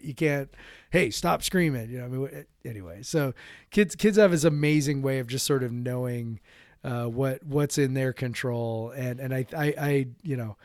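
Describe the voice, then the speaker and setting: A man's voice: medium pitch, no echo, studio quality. A man in his thirties co-hosting a podcast in casual chat, rambling with frequent laughs and restarts. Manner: rambling, laughs often, acts out kids' voices. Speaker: podcast co-host.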